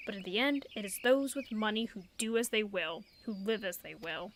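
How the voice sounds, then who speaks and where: A woman's voice: mid-range voice, normal speed, fairly bright tone, slight background noise, close to an everyday voice. A woman reading aloud as a greedy, scheming male traitor sailor in dramatic game dialogue. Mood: bitter.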